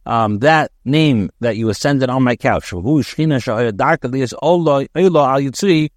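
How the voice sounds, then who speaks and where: A man's voice: medium pitch, no room sound, clean studio sound. A rabbi reading Hebrew phrases and translating each one into English as he teaches, with frequent fillers and restarts. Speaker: rabbi teaching Torah commentary. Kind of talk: line-by-line text study, translating aloud.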